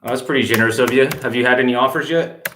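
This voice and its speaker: A man's voice: mid-range voice, fairly even intonation, rapid-fire, background noise. A man making polite real estate cold calls and explaining his method in an easygoing way. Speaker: real estate appointment setter. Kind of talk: cold-call demo with commentary. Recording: roomy echo.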